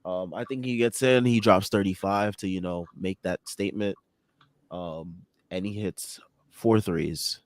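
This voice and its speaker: Low-voiced brash man talking basketball. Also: unhurried, dry recording. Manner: excitable, brash predictions. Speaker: podcast co-host. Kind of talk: casual sports chat.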